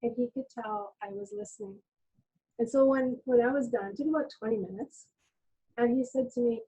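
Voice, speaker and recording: A middle-aged woman nurse speaking as a webinar guest, calm and reflective, telling stories from her work. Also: a little high, moderate pace, breathy edge, rough recording. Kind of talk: conversational webinar talk.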